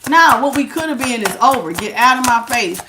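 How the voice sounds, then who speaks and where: A woman's voice: on the high side, lively intonation, a little fast, noisy background. A woman giving a casual tarot reading, talking in a sassy, emphatic way with lots of slang. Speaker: tarot reader.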